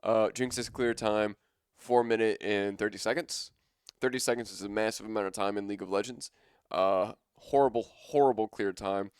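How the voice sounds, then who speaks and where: Young male caster, low clear voice, dry close sound, loose and chatty. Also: steady tone, fairly quick, no room sound. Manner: casual, rambling, enthusiastic. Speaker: esports caster. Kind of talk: live esports commentary.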